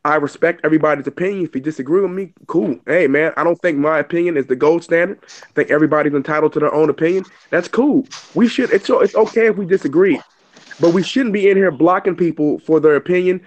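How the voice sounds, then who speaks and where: A man's voice: on the high side, quick pace, dull audio. A man speaking emphatically and at length as a guest on a casual online boxing panel, stumbling and restarting. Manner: emphatic, preachy, lots of restarts.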